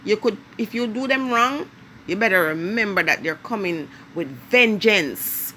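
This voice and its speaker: A woman's voice: medium pitch, lively intonation, sharp tone, a little hiss or hum. A woman with a Jamaican accent giving a vlog monologue in an emphatic, lecturing way, leaning hard on key words. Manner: emphatic, lecturing, drawn-out stresses. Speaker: vlogger. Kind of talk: direct-to-camera monologue.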